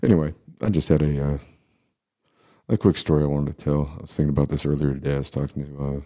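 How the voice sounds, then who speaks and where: Man, 40s, very low voice, mellow tone, casual storytelling, halting with restarts. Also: steady tone. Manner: halting, with many pauses and restarts.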